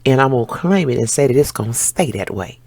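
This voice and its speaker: Gravelly, husky woman in her fifties. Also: a bass voice, quick pace, no room sound. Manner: animated storytelling, swears casually. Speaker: vlogger. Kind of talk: casual life update to viewers.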